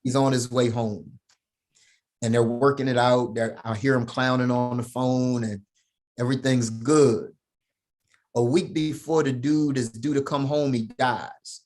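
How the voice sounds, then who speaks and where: A man's voice: mid-range voice, steady tone, measured pace, darkish tone. A middle-aged man telling a personal story as a podcast guest, emphatic, often checking in with "right?" and "man".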